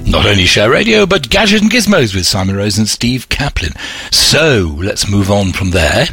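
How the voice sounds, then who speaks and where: A man's voice: fairly low pitch, big pitch swings, moderate pace, sharp tone, soft background music. A man co-hosting a radio gadget show, trading dry self-mocking banter. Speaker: radio co-host. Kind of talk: casual radio chat. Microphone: studio mic.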